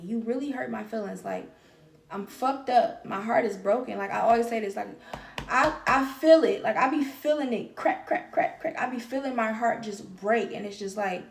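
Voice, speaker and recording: Woman podcast host, candid personal monologue, emphatic with repetition, mid pitch, roomy echo, a little off-mic. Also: vocal fry, recorded from a distance.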